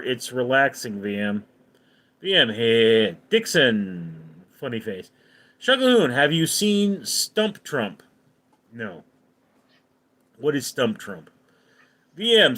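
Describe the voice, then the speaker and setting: Slow, animated man reading chat. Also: medium pitch. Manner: reads viewer comments aloud and answers offhandedly. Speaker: livestream host. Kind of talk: casual live-stream chat.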